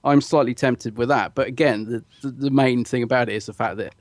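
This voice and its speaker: A man co-hosting a podcast in easy, enthusiastic chat, laughing often. His voice sits mid-pitched. The sound is dry and close. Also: fairly even intonation, fairly quick, dry recording. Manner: chatty and enthusiastic, laughs easily, many restarts. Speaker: podcast co-host. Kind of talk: casual chat.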